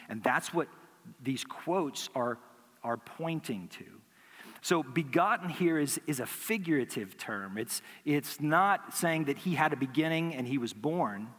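A man's voice: medium pitch, fairly bright tone. Preaching man in a reverberant hall. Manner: teaching, asks rhetorical questions and acts out imagined replies. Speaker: pastor. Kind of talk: sermon.

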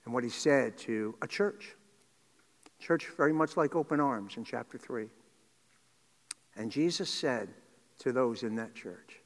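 Earnest preaching man in a reverberant hall. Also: medium pitch. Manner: earnest preaching, rising to loud intense passages, dropping to near whispers. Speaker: pastor. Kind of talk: sermon. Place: church sanctuary.

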